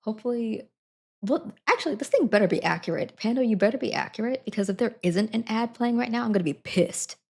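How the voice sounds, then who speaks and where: A woman's voice: fairly high pitch, expressive, fast, vocal fry, darkish tone, slightly rough. A woman chatting casually to her live stream audience, giggling between sentences. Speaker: Twitch streamer.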